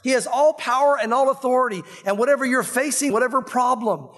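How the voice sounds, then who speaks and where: Male pastor, high voice, sermon, animated storytelling, acts out quotes. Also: fast.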